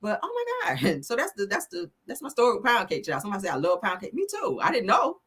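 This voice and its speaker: A woman's voice: medium pitch, huge pitch swings, quick pace, a bit bright, husky. A woman hosting a casual commentary show, reading viewer comments in a slangy way and laughing often. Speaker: show host.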